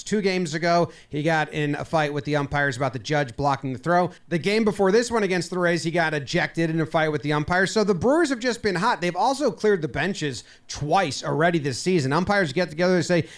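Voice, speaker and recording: A man giving a playful, comedic breakdown of game footage, acting out the players' lines with mock dialogue. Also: fairly high pitch. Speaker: baseball video commentator. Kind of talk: comedic sports breakdown over clips.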